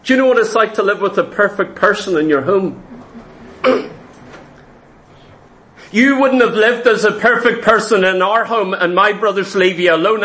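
A man with a very high voice preaches a sermon with emphatic repetition. He throws out rhetorical questions and clears his throat now and then. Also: sharp tone.

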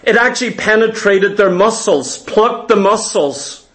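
A man's voice: high voice, expressive, unhurried, a bit bright. A man preaching a sermon in an earnest, emphatic way, asking his listeners questions.

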